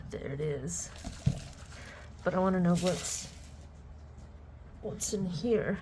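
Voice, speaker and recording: A woman chatting casually as she unboxes a collectible on her channel, excitable and sometimes dropping to soft murmurs. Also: on the low side, slow, pauses often, noisy background. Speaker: unboxing vlogger.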